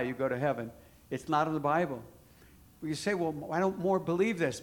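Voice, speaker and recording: Emphatic male preacher, fairly high voice. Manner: emphatic, asks questions and answers them himself. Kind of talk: sermon.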